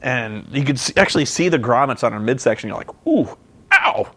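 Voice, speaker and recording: A man's voice: mid-range voice, quick pace, a bit bright. A man casually recapping wrestling in a rambling, sarcastic, profane way with lots of ums and uhs. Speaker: vlogger reviewing wrestling.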